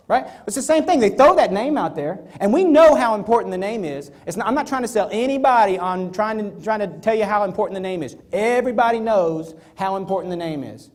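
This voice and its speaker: A man's voice: high voice, quick pace, few pauses. A man giving a motivational talk on stage before a live audience, acting out little scenes as he goes. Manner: animated, acts out little scenes. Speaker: motivational speaker.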